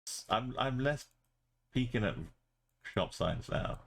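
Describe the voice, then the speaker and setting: A man's voice: medium pitch, lively intonation, slow pace, vocal fry, fairly bright tone. A man streaming live, thinking aloud as he plays and chatting casually with his viewers. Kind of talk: casual live-stream commentary while playing.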